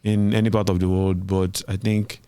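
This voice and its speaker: A man with a deep voice muses on a podcast, casual and a little hesitant as he works through his thoughts. The sound is dry and close. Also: level tone, normal speed, warm tone, smooth, no echo. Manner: hesitant, thinks aloud with fillers. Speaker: podcast co-host. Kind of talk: casual tech discussion.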